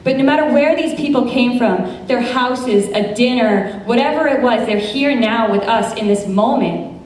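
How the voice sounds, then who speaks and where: A woman's voice: a little high, moderate pace, slight background noise. American woman telling a story, echoey hall. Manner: vivid, animated storytelling with quoted dialogue. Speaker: immigration attorney telling a story on stage. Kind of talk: live storytelling performance. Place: large event space, live audience. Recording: echoey room from far off.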